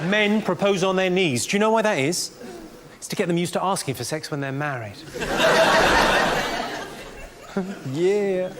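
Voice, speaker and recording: A man doing stand-up comedy on stage before a live audience, delivering one-liners in a dry, deadpan way. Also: high-pitched, a little fast. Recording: loud noisy live audience recording.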